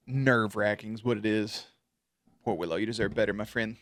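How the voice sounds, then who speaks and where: A man hosting a casual reaction video, talking in a slangy, profane, animated way. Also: on the low side, brisk, no room sound, studio quality.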